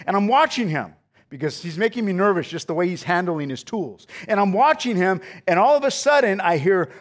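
A male pastor preaching a sermon in a conversational storytelling way, often checking in with "right?" and "okay?". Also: on the high side.

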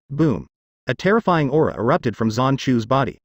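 Expressive male audiobook narrator. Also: mid-range voice, moderate pace, no echo, lo-fi sound. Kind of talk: scripted fantasy narration.

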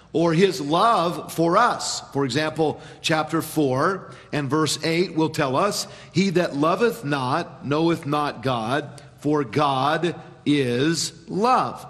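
A man preaching a sermon as pastor in a church, measured, with dramatic pauses and sudden quiet drops. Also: a little high, long reverb tail. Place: church sanctuary.

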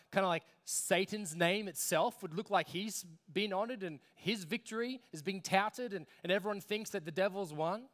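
A man with an Australian accent preaching a sermon as pastor, emphatic, with dramatic pauses. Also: high voice, fairly bright tone.

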